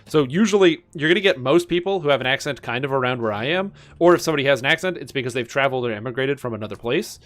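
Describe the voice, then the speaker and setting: Chatty streamer, rambling. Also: male voice, mid-range voice, expressive, very fast, few pauses, fairly bright tone. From Canada. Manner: rambling, chatty, many fillers. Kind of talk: casual gaming chat.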